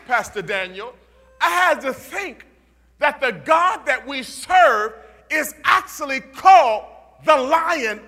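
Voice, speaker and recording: A pastor from Youngstown, Ohio, preaching a call-and-response sermon in a church that builds to shouts. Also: male voice, very high voice, expressive, slow, a faint crowd.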